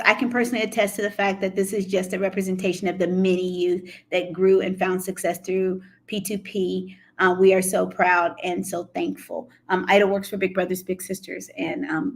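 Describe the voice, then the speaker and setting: A husky, fairly low-voiced middle-aged woman hosts a relaxed conversation. She talks in a reflective, encouraging way, nudging young guests to share. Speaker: program director and host. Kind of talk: casual talk-show chat.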